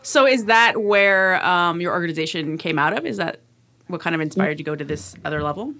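A woman hosts a casual interview and fires off quick, chatty questions. Her voice sits low for a woman, and she laughs easily between questions. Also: animated, sharp tone. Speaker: podcast host and interviewer.

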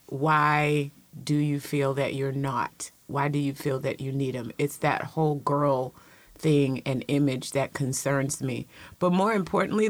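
Emphatic middle-aged woman co-host, slightly low voice, dry close sound. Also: no room sound. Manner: emphatic, rises to loud passionate bursts. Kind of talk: casual chat.

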